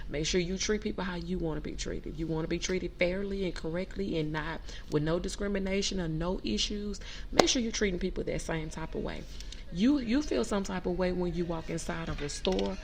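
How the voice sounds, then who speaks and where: A woman's voice: fairly low pitch, brisk, a little mellow, a little hiss or hum. A woman hosting a podcast, giving casual motivational advice in a preachy, conversational way, sometimes acting out quoted greetings. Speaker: podcast host.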